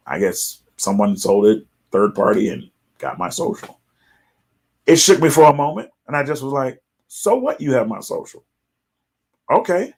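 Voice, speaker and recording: A middle-aged man with a lowish voice hosts a casual live talk, chatty and animated, now and then imitating callers in a raised voice.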